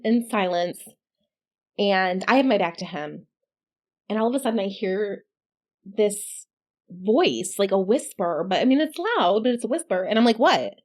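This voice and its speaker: Chatty middle-aged woman telling a story. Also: medium pitch. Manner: chatty, animated when quoting, laughs often. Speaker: podcast co-host. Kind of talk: casual storytelling chat.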